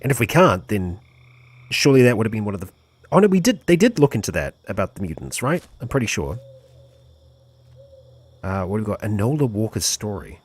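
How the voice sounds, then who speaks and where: A man's voice: lowish voice, very animated, fairly quick, pauses often, breathy edge. A man streaming a game live, commentating and cheering on his companion.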